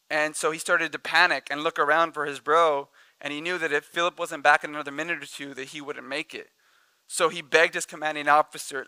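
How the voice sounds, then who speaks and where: Male pastor, bright crisp voice, animated storyteller, dry close sound. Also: a little high, dry recording, rough recording. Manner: animated storytelling preacher, laughs easily. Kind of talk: sermon. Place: church sanctuary.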